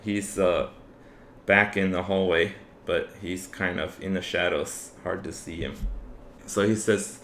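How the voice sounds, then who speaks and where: A man with a fairly low voice narrates a tabletop game as its game master, taking his time and filling gaps with ums and uhs. He is recorded in an echoey room with a faint hiss of ambient noise behind him. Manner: relaxed, unhurried narration with fillers.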